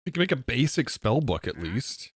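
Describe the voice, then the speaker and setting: A man's voice: mid-range voice, big pitch swings, normal speed, a little hiss or hum. A man livestreaming a game, chatting casually to his viewers as he narrates each move he makes. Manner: chatty, narrates his moves and talks to chat. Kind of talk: live gameplay commentary.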